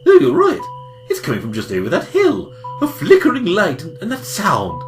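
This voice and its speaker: A performer voicing a dry, pedantic goose companion in a hobby audio drama, full of deadpan corrections. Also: mid-range voice, normal speed, over music. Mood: sardonic. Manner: sardonic, correcting, deadpan asides.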